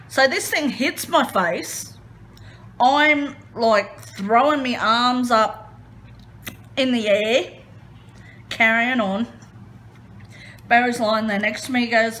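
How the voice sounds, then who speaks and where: A woman chatting casually as she crafts, retelling a story in an expressive, animated way. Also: a little high, slow pace, a little hiss or hum. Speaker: crafting vlogger.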